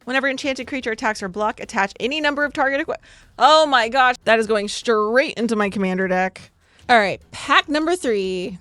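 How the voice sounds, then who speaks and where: A woman with a slight cold, opening trading card packs in a bubbly vlog and reading card text aloud quickly. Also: fairly high pitch, fairly bright tone, dry recording. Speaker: card-opening content creator. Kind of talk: excited pack-opening vlog.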